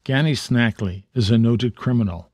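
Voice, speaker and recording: A man reading the part of a genial middle-aged detective father, calm and measured. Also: medium pitch, no room sound, close to an everyday voice.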